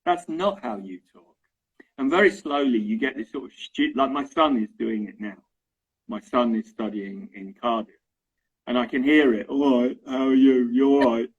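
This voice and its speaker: Husky Estuary English man, chatty. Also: medium pitch, moderate pace, highs cut off. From London. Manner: chatty, keeps checking in with "right?" and "okay?". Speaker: English teacher, interview guest. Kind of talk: casual explanatory chat.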